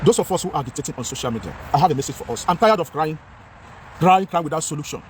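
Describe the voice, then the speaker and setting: A man's voice: on the high side, animated, racing, a little hiss or hum. Impassioned Nigerian man vlogging outdoors. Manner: impassioned, repetitive, mixes Pidgin with English. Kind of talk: outdoor talking-head vlog.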